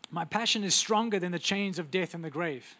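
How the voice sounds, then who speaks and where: A man preaching a sermon with intense, urgent delivery that drops to quiet, intimate asides. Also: sits high, moderate pace.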